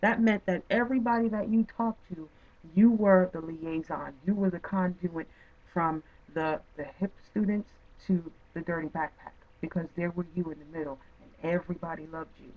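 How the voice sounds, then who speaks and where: A woman's voice: fairly low pitch, steady tone, moderate pace. A woman hosting an interview, talking in an earnest, affirming way and often repeating her points for emphasis. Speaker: talk show host. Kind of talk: encouraging interview talk. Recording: tinny phone-like sound.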